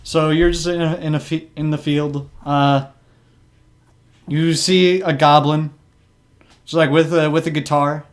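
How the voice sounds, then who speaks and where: A man narrating as game master of a tabletop game, halting and full of restarts. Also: on the high side, level tone. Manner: halting, many fillers and restarts.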